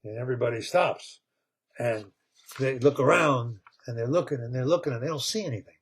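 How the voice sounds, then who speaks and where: A man retelling a cartoon story in a rambling, animated way, laughing as he goes. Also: medium pitch, quick pace, breathy edge. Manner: rambling, animated, laughs at his own tale.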